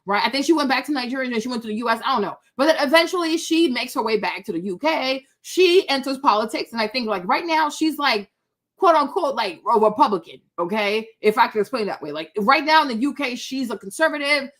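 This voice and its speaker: A woman's voice: sits high, lively intonation, quick pace, a bit bright. A woman hosting a casual commentary talk, emphatic, repeating her points and checking in with "right?" and "okay?". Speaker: channel host.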